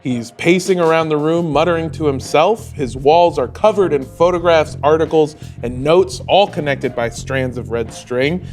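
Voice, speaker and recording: A man's voice: on the high side, normal speed, hardly any pauses, a little mellow, soft background music. Loose, rambling male game master. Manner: loose, hesitant, many fillers. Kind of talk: narrating a tabletop game.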